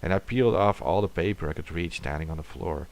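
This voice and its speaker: Very deep gravelly man reading horror. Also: quick pace. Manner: dramatic reading, sometimes dropping to a whisper. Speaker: storyteller. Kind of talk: reading a horror story aloud.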